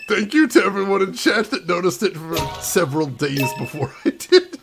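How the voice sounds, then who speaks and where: Brief: a chatty streamer guy with a slightly raised, gravelly voice over game music. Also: high-pitched. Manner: chatty, chatting with chat, laughing often. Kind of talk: casual live-stream commentary.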